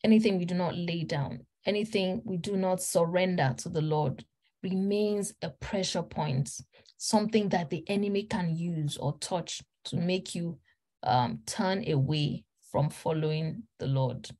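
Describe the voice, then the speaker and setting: A woman's voice: lowish voice, unhurried, warm tone. A woman preacher delivering an earnest, emphatic sermon, stressing points through repetition. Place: church.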